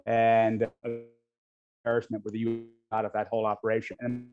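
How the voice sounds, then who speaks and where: A man's voice: on the low side, monotone, moderate pace, over music. An American man giving an unscripted talk as a guest speaker, speaking frankly with many ums and restarts. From United States. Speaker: guest speaker on US-Indonesia relations. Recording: dull lo-fi audio.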